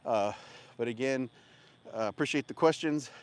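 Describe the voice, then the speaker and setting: A man's voice: mid-range voice, moderate pace, smooth. A man chatting on a livestream while walking outdoors, out of breath and panting between sentences. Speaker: barbecue vendor livestreaming. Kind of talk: casual livestream chat. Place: outdoors on a walk.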